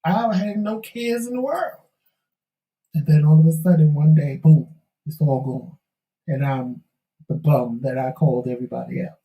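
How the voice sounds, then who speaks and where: Raspy-voiced man telling a life lesson. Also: on the high side, moderate pace, dark tone, roomy sound, recorded from a distance, rough recording. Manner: preachy, emphatic, folksy Southern-tinged slang. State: losing his voice. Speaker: talk show co-host. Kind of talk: candid storytelling chat.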